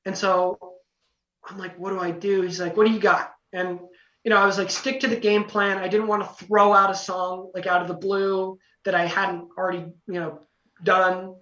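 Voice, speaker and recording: Young man rambling excitedly, distant echoey mic. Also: high voice, normal speed. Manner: excited, rambling, heavy on fillers. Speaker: podcast guest. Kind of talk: casual storytelling. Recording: roomy, distant, dull lo-fi podcast audio.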